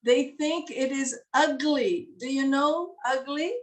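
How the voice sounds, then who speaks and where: Slow, patient woman teaching English. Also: high-pitched, recorded from a distance. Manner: patient, repeats words, laughs often. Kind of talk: slow classroom explanation to beginners.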